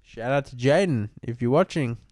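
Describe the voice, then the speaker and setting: A young man co-hosting a podcast, tipsy, loud and rambling, swearing a lot in casual banter. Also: medium pitch, animated, normal speed, dry recording. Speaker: podcast co-host.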